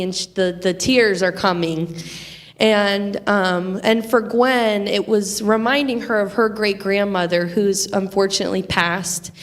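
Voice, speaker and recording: A woman, a youth ministry leader, telling a testimony story to a congregation in an animated way. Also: medium pitch. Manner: animated storyteller acting out quoted voices.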